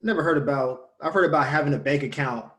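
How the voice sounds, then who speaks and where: A man in casual conversation, telling a story and lively when he quotes others. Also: a little high, fast talker.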